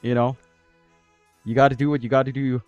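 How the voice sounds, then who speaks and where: Male esports caster, from the Philippines, joking and teasing, even mid-range voice, dry close mic. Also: medium pitch, a little fast, smooth, no room sound, dull audio, soft background music. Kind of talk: casual chat between casters.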